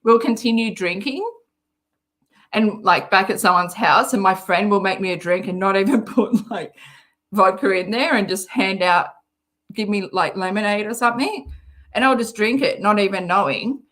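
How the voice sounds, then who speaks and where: A woman's voice: mid-range voice, normal speed, a bit bright. A woman with an Australian accent chatting casually on a livestream, reading out viewer comments between giggly, rambling asides. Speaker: livestream host reading chat.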